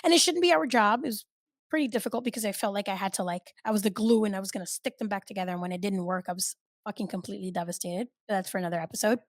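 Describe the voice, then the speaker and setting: A woman hosting her own podcast, talking in a candid, chatty way that swings between loud and soft and swears freely. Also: medium pitch, racing, dry recording, clean studio sound. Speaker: podcast host. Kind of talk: casual solo podcast chat.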